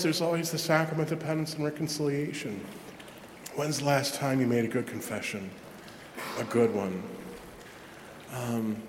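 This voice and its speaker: A man, a Catholic parish priest, preaching a sermon in a chatty, self-deprecating way with lively asides. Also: mid-range voice, a little hiss or hum. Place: large church. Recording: echoey church with long reverb.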